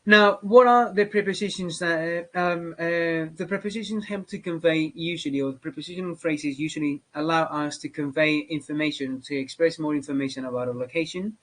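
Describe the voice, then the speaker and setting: Speaking fairly quickly with few pauses, a man with a high, somewhat bright voice teaches English grammar to exam candidates. He hesitates, restarts, and uses many fillers, and the audio is poor.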